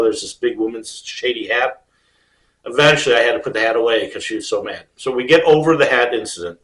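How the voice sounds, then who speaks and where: A man's voice: mid-range voice, fairly bright tone, far from the mic. Easygoing man, roomy and off mic. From Ohio, United States. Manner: rambling, easygoing, many fillers and restarts. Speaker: storyteller. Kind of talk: casual spoken personal story. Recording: roomy sound, speaker off mic.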